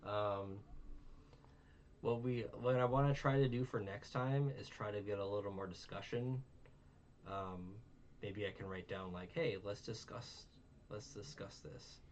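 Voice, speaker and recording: A man's voice: on the low side, fairly even intonation, a little slow. A tired young man hosting a casual review chat, rambling with many fillers and self-mocking asides. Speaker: podcast host. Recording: distant, dull mic with faint noise.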